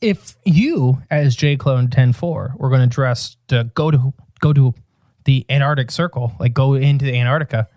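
A man's voice: mid-range voice, normal speed, mellow, no room sound, studio quality. A man co-hosting a podcast, rambling and joking in casual banter. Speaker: podcast co-host.

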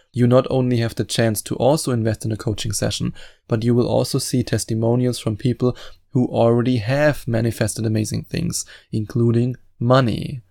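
Male motivational podcast host, earnest and persuasive, gravelly with a dry close-mic sound. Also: medium pitch, a little mellow, no echo. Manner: earnest, emphatic, persuasive delivery. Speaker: podcast host and manifestation coach.

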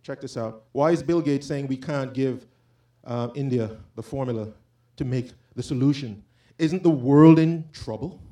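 A man's voice: medium pitch, normal speed, few pauses, dark tone. A man giving an informal, impassioned sermon, talking conversationally and quoting scripture. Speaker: preacher.

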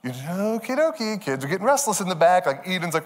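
A man's voice: high-pitched, sing-song, quick pace, hardly any pauses. A man in his thirties preaching a sermon, telling a self-deprecating family story with a lot of animation and frequent laughter. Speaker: pastor. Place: church sanctuary. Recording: long reverb of a large hall.

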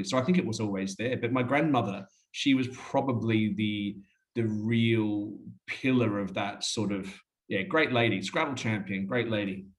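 An Australian man telling stories as an interview guest in a rambling, chatty way. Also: mid-range voice. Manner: rambling, chatty, often says "mate". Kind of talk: casual storytelling chat.

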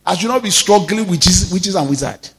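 A man's voice: sits high, expressive, fairly quick, a bit bright, long reverb tail. A man preaching a sermon as pastor, stressing and drawing out words and calling out to the congregation.

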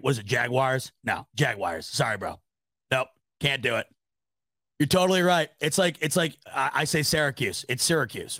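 A young man from the Rochester, New York area hosts a casual sports chat, reading the live chat as he goes. He rambles, stumbles over his words and swears without a second thought, in a slightly high voice. The room is dead dry, with no echo at all. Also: a bit bright. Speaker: sports podcast host.

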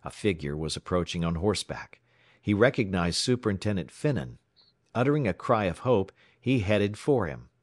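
A man from the United States narrating a story aloud in a dramatic, expressive way. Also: deep voice, normal speed, no room sound, studio quality. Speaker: audiobook narrator. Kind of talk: scripted narration.

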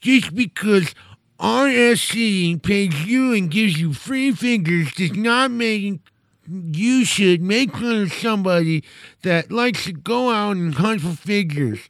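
A man voicing a petulant man-child writing a bad review, with a drawn-out, nasal, mocking whine. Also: sits high, lively intonation, fairly bright tone, no room sound, voice pushed up, exaggerated voice. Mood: whiny mocking.

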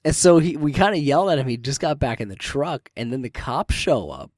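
A man's voice: medium pitch, a little fast, dry recording, clean studio sound. Swearing man telling wild stories. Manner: animated storyteller, swears freely, acts out quotes. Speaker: podcast co-host. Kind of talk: casual storytelling chat.

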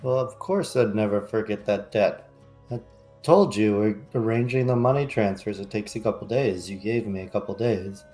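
A man's voice: on the low side, moderate pace, mellow, faint music behind. A man playing a tabletop game, speaking casually and a bit defensively. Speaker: player.

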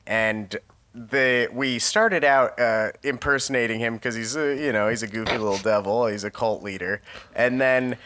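A man rambles through a joking podcast story, his voice bright and forward. He talks casually and laughs easily. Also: medium pitch, moderate pace. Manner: jokey, rambling, laughs often. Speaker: podcast co-host. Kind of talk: casual chat.

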